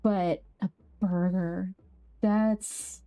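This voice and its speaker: A young woman streaming a game, chatting casually with viewers, laughing easily and jumping up high when something amuses her. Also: fairly even intonation, drawn-out words, dark tone. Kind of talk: casual live-stream chat.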